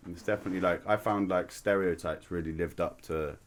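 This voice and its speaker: A man's voice: low voice, fairly even intonation, brisk, slight background noise. A young man hosting a podcast, chatting in slangy, swear-heavy talk. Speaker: podcast host. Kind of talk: casual podcast chat.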